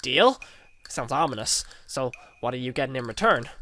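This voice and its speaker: A man voicing a paranoid, conspiracy-obsessed young man who rants loudly and frantically. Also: mid-range voice, sing-song, normal speed, slight background noise. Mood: alarmed ranting. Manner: frantic, shouty ranting.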